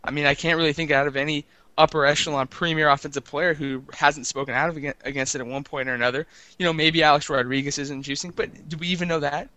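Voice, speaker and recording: A man talks sports at a fast clip on a show he co-hosts, his tone bright and forward. He rambles, teases and trips over his words as he restarts sentences. The sound is dry and close. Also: a little high, steady tone, no room sound. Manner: rambling, stammering restarts, teasing. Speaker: podcast co-host. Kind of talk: casual sports talk.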